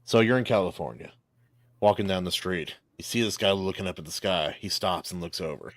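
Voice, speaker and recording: A man's voice: low-pitched, a little fast, dry recording, studio quality. A man hosting a casual podcast chat, telling corny jokes and laughing at them. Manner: jokey, laughs at his own puns. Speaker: podcast host.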